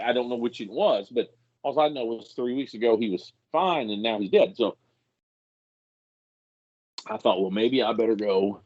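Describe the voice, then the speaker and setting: A man's voice: mid-range voice, normal speed, long pauses. A man on a podcast telling a story in casual chat, acting out the people he quotes. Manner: animated, acts out quoted voices. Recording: slightly dull lo-fi sound.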